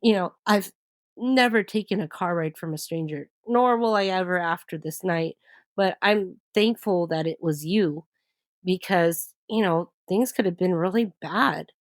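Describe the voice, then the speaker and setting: A woman guest telling a personal story in an interview, animated and often laughing as she talks. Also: on the low side, measured pace, no echo.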